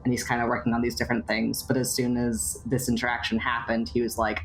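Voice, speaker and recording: A woman's voice: extremely low pitch, fast talker, few pauses, faint music behind. A woman playing in a tabletop game, chatting casually about what her character would do, with frequent fillers. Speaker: player. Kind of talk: casual role-play chat.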